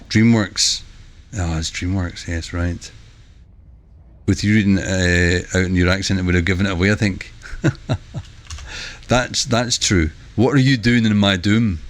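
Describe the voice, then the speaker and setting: Chatty low-voiced man streaming a game. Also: a little hiss or hum. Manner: chatty, excitable exclamations. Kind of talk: live gameplay commentary.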